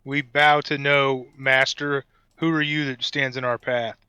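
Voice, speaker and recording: A man's voice: medium pitch, little pitch movement, a little slow, sharp tone, no echo. A man playing a brash, defiant Nordic warrior. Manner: gruff defiant in-character speech.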